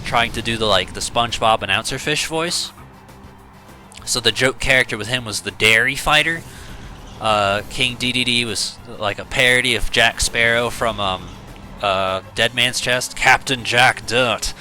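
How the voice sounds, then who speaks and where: Over faint background music, a gaming YouTuber tells rambling stories packed with fillers as he plays a video game. His mid-range voice is unhurried and sharp in tone, fitting a casual let's-play commentary.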